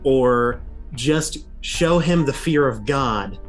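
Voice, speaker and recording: A man playing a tabletop game, chatty and thinking out loud. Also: medium pitch, animated, slow, soft background music. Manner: chatty, thinks aloud with fillers. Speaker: player. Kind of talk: casual tabletop game chat.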